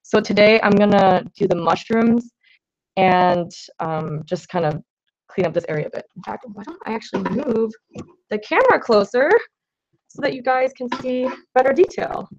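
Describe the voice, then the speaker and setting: A woman's voice: mid-range voice, lively intonation, normal speed. Chatty woman painting on a livestream. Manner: scattered and self-deprecating, many fillers and okays. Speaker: artist livestreaming to patrons. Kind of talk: casual livestream chat while painting. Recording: slightly dull lo-fi livestream audio.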